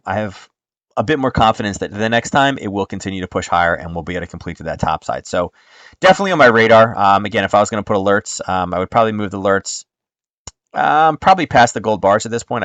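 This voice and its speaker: A man's voice: lowish voice, fast talker, fairly bright tone, dry recording. A man hosting a live trading stream, walking through charts in a chatty, step-by-step way with frequent ums.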